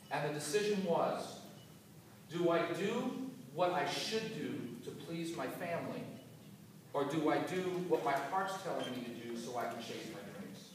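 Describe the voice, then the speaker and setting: A man giving a motivational talk to an audience, telling a personal story in an animated, emotional way. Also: a little high, slight background noise. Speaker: motivational business speaker. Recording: echoey hall from far off.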